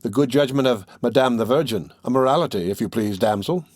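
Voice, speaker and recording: A man reading the part of a poised young stranger in shabby black, a smooth and ready talker, as an audiobook narrator. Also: mid-range voice, a little fast, darkish tone, no room sound, lightly acted. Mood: courteous.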